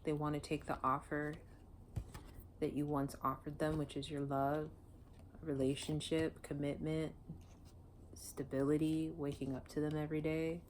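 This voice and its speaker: Low-voiced woman reading tarot. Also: level tone, measured pace, long pauses, a little mellow, slight background noise. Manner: blunt, emotional, swears freely. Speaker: tarot reader. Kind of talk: casual tarot reading to camera.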